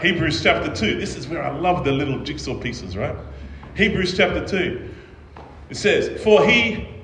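A man's voice: medium pitch, a bit bright, slight background noise. A man preaching a sermon as pastor, talking in a conversational way and often checking in with the audience. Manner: conversational preaching with frequent "right?" check-ins. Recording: echoey hall with faint ambience.

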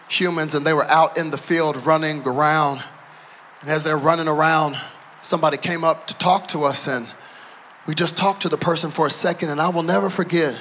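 A middle-aged male pastor preaching a sermon to a church audience, moving between quiet storytelling and shouted, emphatic preaching. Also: a little high, a little hiss or hum. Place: church auditorium.

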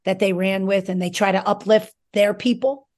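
A woman's voice: medium pitch, steady tone, moderate pace, darkish tone. A woman who coached in college, chatting casually and emphatically about sports on a talk show. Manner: conversational, emphatic, rambling asides. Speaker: former college coach, guest.

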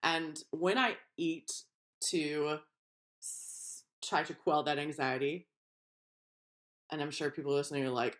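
A woman co-hosting a podcast in casual chat, telling animated stories and acting out quoted voices. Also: deep voice, unhurried. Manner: animated storyteller, acts out quoted voices, laughs often. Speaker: podcast co-host.

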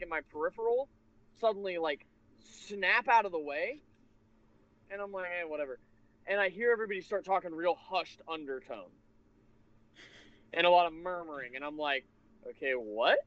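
A man casually telling a rambling, animated convention story with laughs and restarts. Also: sits high, normal speed, dry recording. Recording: lo-fi muffled recording.

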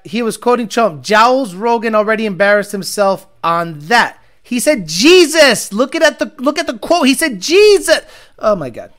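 Profane, mocking male streamer, lively pitch. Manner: profane, mocking, rambling storyteller. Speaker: livestream host reading chat. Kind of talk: casual profane livestream rant.

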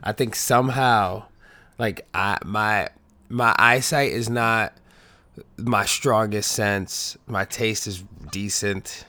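A young man hosts his own podcast in loose, rambling chat, full of swearing and restarts. His voice sits fairly low and he talks loud, never quite able to bring it down to a whisper. The sound is dry and close. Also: steady tone, slow, no echo. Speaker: podcast host. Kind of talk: casual chat.

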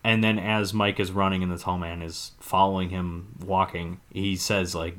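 Speaking at a moderate pace in a low but slightly bright voice, a podcast co-host chats casually through a film's plot. He rambles and qualifies his statements often.

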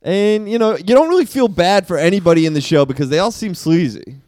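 A man's voice: high-pitched, expressive, quick pace, a little mellow, dry recording, studio quality. A man co-hosting a casual comedy podcast who laughs often while loosely retelling a plot. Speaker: podcast co-host.

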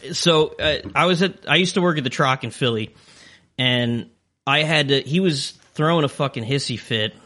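Profane, bright-voiced storytelling guy. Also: medium pitch, normal speed. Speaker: podcast guest. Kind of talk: casual storytelling chat.

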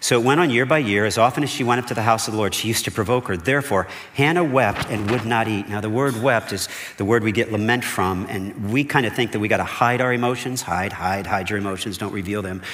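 A man's voice: medium pitch, fast, hardly any pauses, a bit bright. A man, a pastor, delivering a conversational sermon, often checking in with "okay?" and "right?". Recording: long hall reverb.

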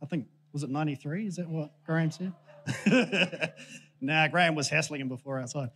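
A man's voice: fairly high pitch, moderate pace, a bit bright, a little hiss or hum. A man giving a casual, joking sermon to a church congregation, chatty and self-deprecating with plenty of ums. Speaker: preacher.

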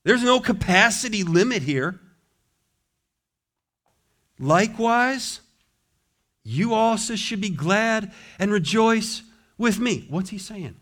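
Male pastor, high-pitched voice, passionate sermon delivery, loud then quiet. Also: sing-song, slow, long pauses. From United States. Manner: impassioned preaching, swinging from loud exhortation to soft, low asides.

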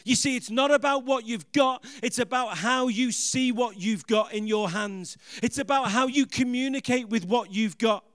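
High-voiced emphatic male preacher. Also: normal speed, few pauses, fairly bright tone, no echo, clean studio sound. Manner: emphatic, repeats phrases, questions the audience. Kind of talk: sermon.

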